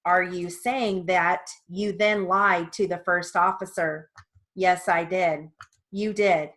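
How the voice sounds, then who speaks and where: Slow, steady woman dictation reader. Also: fairly low pitch. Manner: even, measured reading of every part in one voice, brief casual asides. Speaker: dictation reader for court reporting practice. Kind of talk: reading a court transcript aloud as dictation.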